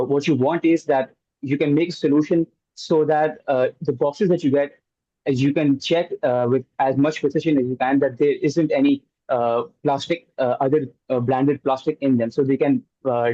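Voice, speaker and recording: A man's voice: mid-range voice, fairly even intonation, normal speed, warm tone, no echo, lo-fi sound. A man on a hackathon team answering judges' questions at length, with frequent fillers. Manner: explains at length with many uh fillers. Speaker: hackathon team member pitching.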